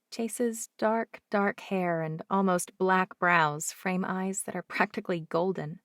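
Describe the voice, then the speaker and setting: A woman narrates a first-person romance audiobook in an expressive, lively way. Her voice is somewhat low, and the sound is dry and close to the mic, with no room echo. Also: slow, few pauses.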